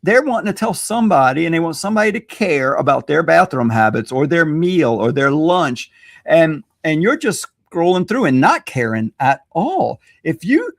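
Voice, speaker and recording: A man from Louisiana, a social media expert guest, explaining strategy in an animated, self-deprecating way and laughing readily. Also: a little high, dry recording, clean studio sound. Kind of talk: conversational teaching.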